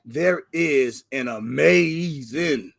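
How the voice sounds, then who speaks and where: A man hosting a casual livestream, giving energetic slangy shout-outs to viewers by name. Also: fairly high pitch, extremely slow, creaky. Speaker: livestream host.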